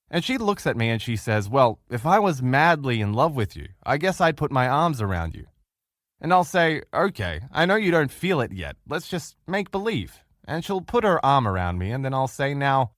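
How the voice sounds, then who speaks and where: A man's voice: medium pitch, dry recording, studio quality. A man teaching a relationship course as a motivational lecture, telling stories and asking the listeners rhetorical questions. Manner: animated, storytelling with rhetorical questions.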